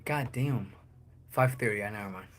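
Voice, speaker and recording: A man's voice: on the low side, moderate pace. A man talking loosely on a livestream, joking and cursing as he answers chat. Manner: loose and joking, curses a lot, chats with viewers.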